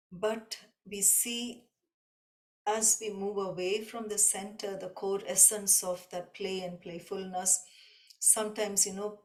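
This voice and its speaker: A woman teaching a devotional class, explaining slowly and reflectively and often repeating a point in new words. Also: medium pitch. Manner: slow, reflective, gently repetitive explanation. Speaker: spiritual teacher.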